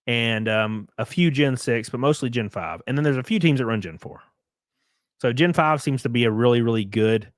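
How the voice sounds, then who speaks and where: A man's voice: lowish voice, no echo, studio quality. A man streaming casually, reading viewer comments and effusively thanking them in a loose, profane way. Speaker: streamer and race car driver.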